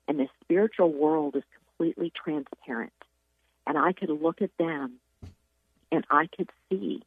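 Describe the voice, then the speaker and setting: A guest shares her near-death testimony in a low, gravelly, slightly rough voice, speaking earnestly and intensely and sometimes dropping to a whisper. The dry recording sounds tinny, like a phone line.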